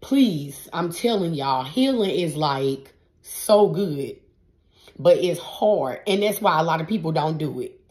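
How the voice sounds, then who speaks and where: A woman's voice: deep voice, expressive, slow pace, darkish tone. A woman tarot reader giving a spiritual pep talk to her viewers in a casual, emphatic, repetitive style with a preacher-like cadence. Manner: casual, addresses viewers as y'all.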